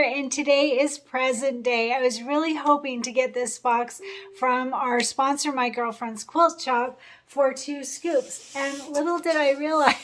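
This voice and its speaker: Bubbly high-voiced woman host unboxing. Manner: gushing, excited, laughs often. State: a little choked up. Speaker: sewing channel host. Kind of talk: unboxing vlog.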